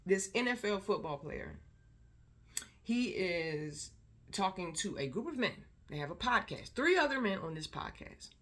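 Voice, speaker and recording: A woman's voice: medium pitch, very animated, a little slow, a bit bright. A woman vlogger in casual commentary, talking emphatically and repeating words for stress.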